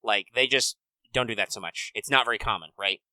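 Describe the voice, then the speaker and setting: A man co-hosting a podcast, talking in a relaxed, casual way with many fillers. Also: fairly low pitch, a little fast, dry recording, rough recording. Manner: relaxed, filler-heavy gamer talk. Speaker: podcast co-host. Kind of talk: casual chat.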